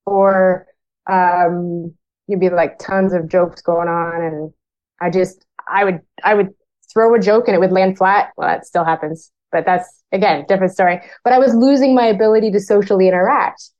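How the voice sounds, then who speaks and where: Low-voiced woman firefighter, frank. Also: steady tone, moderate pace, darkish tone, highs cut off. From Canada. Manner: frank, plain-spoken, acts out remembered dialogue. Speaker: firefighter guest. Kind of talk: candid personal storytelling.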